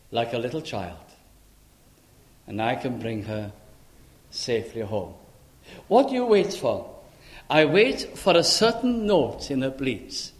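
Preacher in an echoey chapel. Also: male voice, mid-range voice. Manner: storytelling, earnest, halting with fillers. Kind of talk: sermon.

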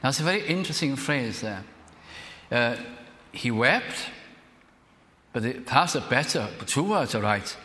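An older man from South Wales, preaching a sermon as a minister in an earnest, measured way, slowing down to dwell on phrases. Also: medium pitch, animated, bright, forceful tone. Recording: reverberant hall.

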